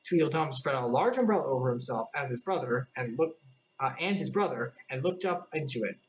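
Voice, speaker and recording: A woman streamer reading a storybook aloud casually, with chatty asides. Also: brisk. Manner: chatty asides, low relaxed voice.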